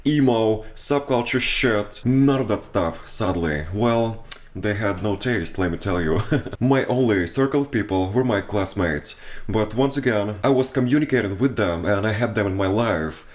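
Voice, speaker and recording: A man's voice: fairly low pitch, moderate pace. A young man from Russia with a Russian accent, telling childhood stories in a chatty, self-mocking way and laughing often. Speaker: vlogger. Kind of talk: casual storytelling.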